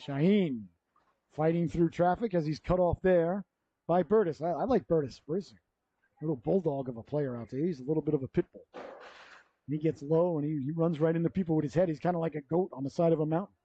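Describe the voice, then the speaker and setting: A man's voice: a little high, a little fast, warm tone, husky, no room sound. A man calling a youth hockey game play by play, chatty and rambling, full of side stories and self-corrections. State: yawning, running out of breath. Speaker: play-by-play commentator. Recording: dull, lo-fi local broadcast audio.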